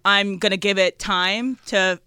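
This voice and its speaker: A woman producer chatting casually on a radio sports show, talkative and quick to laugh. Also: medium pitch, steady tone, bright, forceful tone, clear, resonant tone, no room sound, clean studio sound.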